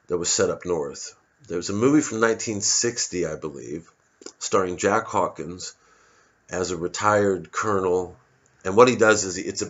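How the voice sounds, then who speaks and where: A male comedian telling a rambling comic story, restarting his sentences often as he talks. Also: on the low side. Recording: dull lo-fi recording.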